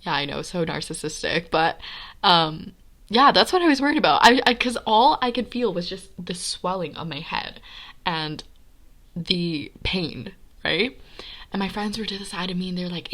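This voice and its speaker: A young woman telling a personal story in a casual, animated way, full of "like" and "right?". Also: on the low side, normal speed. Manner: animated, filler-heavy with frequent "like" and "right?".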